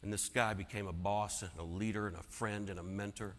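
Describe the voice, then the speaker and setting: A man telling a personal story as a keynote speaker, dramatic and swinging from hushed to loud. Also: on the low side, fairly even intonation, fairly quick. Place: large conference hall. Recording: long hall reverb.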